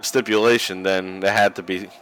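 A low-pitched man co-hosts a podcast, crudely joking his way through a wrestling match and laughing often as casual watch-along commentary. His intonation stays fairly even, his speed is normal, his tone is fairly bright, and there's slight background noise.

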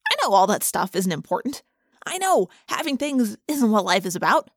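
A woman narrating a first-person audiobook in a brisk, expressive way. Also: medium pitch, no echo, clean studio sound.

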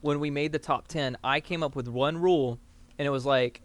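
A man's voice: mid-range voice, fairly even intonation, moderate pace. A man from the American South, co-hosting a podcast in casual, rambling chat full of fillers. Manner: rambling, filler-heavy, laughs often. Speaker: podcast co-host.

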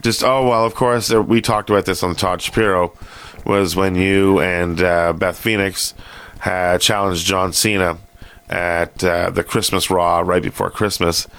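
Deep-voiced man hosting a podcast. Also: little pitch movement, a little slow, a bit bright, clear, resonant tone. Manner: rambling, many fillers and restarts. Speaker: podcast host. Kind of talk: casual chat.

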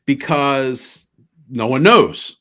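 Lively jokey podcast co-host man. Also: mid-range voice, drawn-out words. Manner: jokey, chimes in with mock impressions. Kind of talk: casual sports talk.

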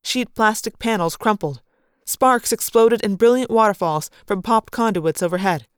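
A woman's voice: medium pitch, normal speed, clear, resonant tone, no room sound. A woman reading a sci-fi novel aloud in first person, narrating with dramatic, vivid storytelling. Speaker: audiobook narrator.

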